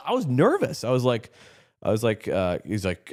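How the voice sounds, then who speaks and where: A man with a fairly low voice hosts a podcast in a loose, heated monologue. He rambles and restarts his sentences while talking through politics in a casual way. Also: wildly swooping pitch, normal speed. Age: adult, runs his own company. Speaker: podcast host.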